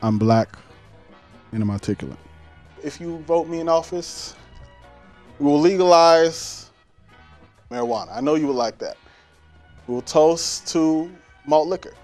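A man's voice: a little high, a little slow, long pauses, a little mellow, soft background music, natural voice. A male comedian playing a pompous, scheming presidential candidate who brags in over-the-top campaign speechifying. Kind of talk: stand-up comedy sketch.

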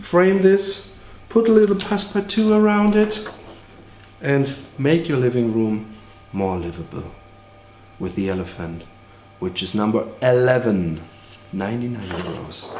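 A man pitching his own paintings in a joking, exaggerated, profane way, in an echoey room. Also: expressive, measured pace, pauses often, a little mellow, a little hiss or hum.

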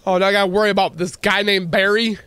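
A man hosting a gaming channel, commenting excitably and joking as he plays. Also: high voice, quick pace, smooth. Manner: excitable, jokey, exclaims and laughs often. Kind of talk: let's play commentary.

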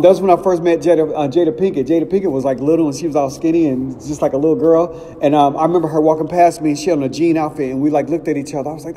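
A middle-aged man from Ohio telling casual stories as a podcast host, animated and acting out quotes. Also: a little high. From Cincinnati, Ohio. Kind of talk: casual storytelling. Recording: long reverb, faint background noise.

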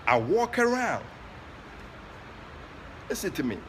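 A man with a Ghanaian accent preaching during an online prayer session, moving between soft asides and loud, passionate exclamations. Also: fairly high pitch, sing-song, slow pace, a little hiss or hum. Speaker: prophet leading online prayer. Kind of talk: sermon.

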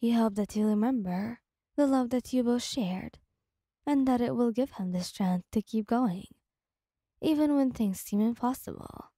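A woman narrates a second-person ASMR story in a soft, unhurried way. Her voice sits a touch high yet sounds mellow and dark in tone, recorded dry and close. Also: no room sound.

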